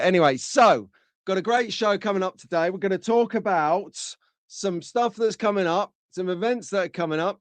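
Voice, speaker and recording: A man's voice: fairly high pitch, smooth, dry recording. A man hosting a live stream in a chatty, rambling, jokey way, greeting viewers by name. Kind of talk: casual live-stream chat with viewer shout-outs.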